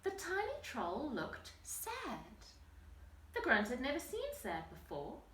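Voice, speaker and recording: A woman teacher reading a picture book aloud to young children in an expressive storytelling manner. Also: high voice, takes it slowly, reverberant, a little hiss or hum.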